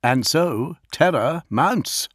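Measured, intent soldier, voiced by a male narrator for an audiobook. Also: a little high, animated, fairly bright tone, husky, no echo, clean studio sound, pitched above the performer's own voice, heavily acted.

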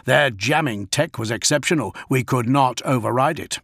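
A man reading a stern guard commander, formal and firm, taking the blame squarely. His low voice has a gravelly, husky edge, recorded close and dry. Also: normal speed, fairly bright tone, dry recording. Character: stern, dutiful male guard commander in helm. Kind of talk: audiobook character voice.

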